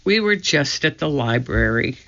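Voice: mid-range voice, animated, measured pace, pushed and bright. A narrator voicing a cautious, sensible young boy who sounds worried and skeptical, on a dull lo-fi recording.

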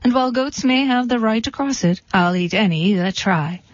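A woman voicing a hairy, blustering male troll in a storybook reading, slow and gruff. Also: fairly high pitch, no room sound, lightly acted. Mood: menacing. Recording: dull, dry recording.

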